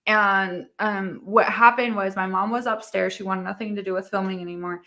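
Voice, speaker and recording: A young woman speaks as an interview guest, her voice bright and forward. She tells her story in a loose, rambling way, packing it with "like" and acted-out quotes from the people involved. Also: medium pitch, steady tone, normal speed. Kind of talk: candid casual interview.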